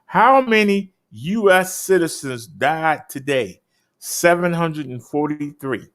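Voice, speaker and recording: A man's voice: expressive, takes it slowly, a bit bright. A man hosting a casual show, reading out daily figures and chatting. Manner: emphatic, swoops up high on key numbers. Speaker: host.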